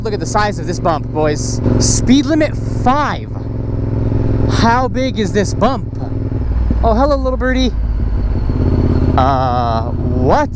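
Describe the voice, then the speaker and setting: Excitable young man on a motorcycle. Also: high voice. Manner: excitable, chatty, talks to the animals. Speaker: motovlogger. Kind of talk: casual riding commentary. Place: outdoors, riding a motorcycle. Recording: loud engine and wind noise.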